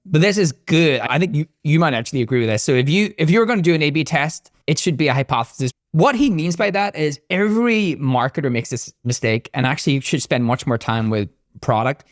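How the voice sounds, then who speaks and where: A man's voice: fairly high pitch, expressive, a little fast, hardly any pauses, dry recording, clean studio sound. A man co-hosting a marketing podcast, talking casually and animatedly, with frequent restarts. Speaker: podcast co-host. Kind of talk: casual chat.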